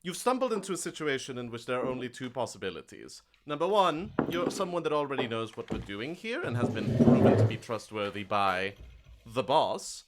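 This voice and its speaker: A man's voice: medium pitch, big pitch swings, fairly quick, very noisy, lightly acted. A game master improvising as a haughty, sneering young man who speaks with sly, mock-polite courtesy in a tabletop role-play. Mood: smug.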